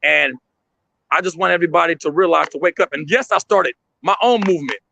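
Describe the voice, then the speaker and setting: A man's voice: on the high side, fairly quick, creaky, bright, forceful tone, dry recording, rough recording. A man talking emotionally and emphatically on a livestream from his street stand, in slangy street talk. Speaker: street artist and vendor, livestream guest.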